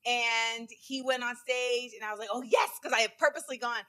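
Woman comedian chatting, bright voice, rambling stories, lots of "like". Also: fairly high pitch, fairly quick, clear, resonant tone. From United States. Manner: animated storyteller, many fillers. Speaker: guest comedian. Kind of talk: casual conversational interview.

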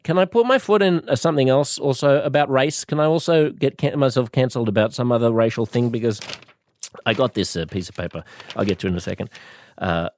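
A man's voice: mid-range voice, a little fast, no room sound. A man with an Australian accent telling a rambling, sarcastic comedic monologue, jumping up into mock-innocent questions.

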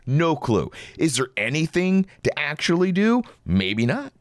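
A man's voice: fairly high pitch, huge pitch swings, moderate pace, no echo, studio quality. A man hosting a podcast, delivering an opinionated monologue in a sarcastic, ranting way. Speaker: podcast host.

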